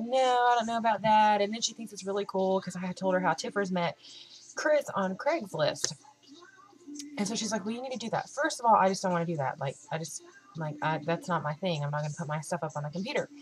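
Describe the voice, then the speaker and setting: A woman's voice: lowish voice, poor audio. Chatty young woman vlogging. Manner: chatty and animated, acts out both sides of conversations. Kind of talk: casual chat.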